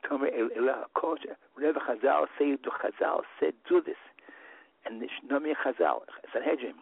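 Husky man over a phone-like line. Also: medium pitch, expressive, no room sound. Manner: halting and repetitive, many restarts. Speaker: religious teacher. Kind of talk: Torah lesson.

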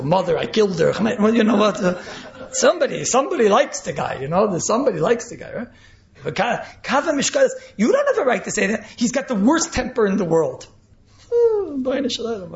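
A Torah teacher gives an animated class lecture in an echoey room, captured with dull lo-fi sound. His voice is high-pitched and creaky, and he mixes in Yiddish and Hebrew terms while repeating key phrases.

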